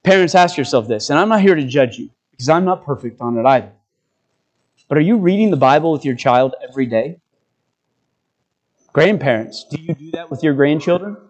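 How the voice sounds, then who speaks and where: A man's voice: a little high, lively intonation, a little fast, poor audio. A man preaching a sermon, exhorting his listeners with stacked rhetorical questions.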